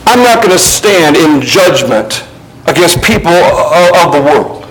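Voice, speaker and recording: Man preaching, somewhat high voice, verse-by-verse teaching, faint background hum. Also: expressive, low-quality recording. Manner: expository, reads scripture aloud and explains it; shifts between low, quiet emphasis and raised, quicker passages. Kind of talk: sermon.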